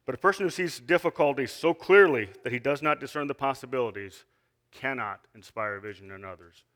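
A lay preacher gives an earnest sermon, reading scripture and putting questions to his listeners, often restarting his sentences. He speaks fairly quickly with a medium-pitched, fairly bright voice.

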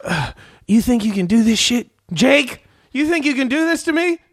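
A man's voice: very high voice, very animated, normal speed, no echo, clean studio sound, voice pushed up, full character voice. A man voicing a furious corrupt cop in a comedy podcast bit, ranting and cursing. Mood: raging. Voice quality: shouting, profane, escalating.

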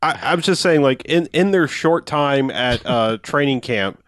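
A man's voice: medium pitch, animated, measured pace, fairly bright tone, no echo, studio quality. A man in a casual movie-recap chat, dropping wry, sarcastic remarks. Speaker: podcast co-host.

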